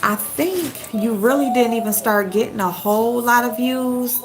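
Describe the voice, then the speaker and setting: Woman host chatting live to her viewers, blunt and talkative, with some gravel in her voice. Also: a little high, moderate pace, low-quality recording. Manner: talks straight to the chat, blunt and chatty. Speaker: livestream host. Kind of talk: casual live-stream chat with viewers.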